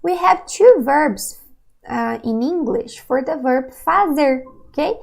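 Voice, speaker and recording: A woman gives an online language lesson, speaking slowly and patiently and checking understanding often. Her voice sits a little high and carries a strong, gravelly fry. The tone stays calm and instructive. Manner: patient, explains slowly with many checks of "okay?". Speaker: language teacher.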